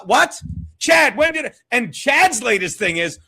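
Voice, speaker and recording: A man hosting a live stream, ranting profanely and mockingly, repeating himself and breaking into shouts. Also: very high-pitched, lively intonation, normal speed. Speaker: streamer host.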